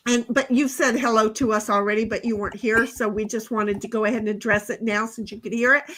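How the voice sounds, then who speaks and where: A woman's voice: fairly high pitch, steady tone, quick pace, fairly bright tone. A woman co-hosting a casual livestream chat, rambling playfully and mocking herself as she reacts to viewer comments. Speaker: livestream co-host.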